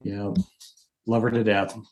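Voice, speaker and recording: A man's voice: lowish voice, unhurried, dull audio. A man in his forties, a podcast guest, telling a story in casual conversation and acting out the quotes. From Utah. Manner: animated, chatty storyteller who acts out quotes.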